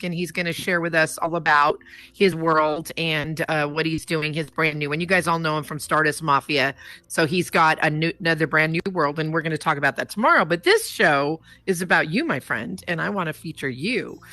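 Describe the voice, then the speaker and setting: Effusive, chatty woman host, bright voice. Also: low voice, no echo. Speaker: talk show host. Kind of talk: hosting a live virtual-world talk show. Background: faint guitar music.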